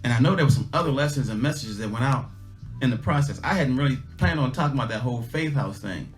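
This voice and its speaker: A middle-aged man talking casually on a livestream, folksy and emphatic as he repeats his lessons over and over. His voice sits at an ordinary middle pitch. Faint guitar music plays in the background. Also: animated, quick pace. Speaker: livestream host.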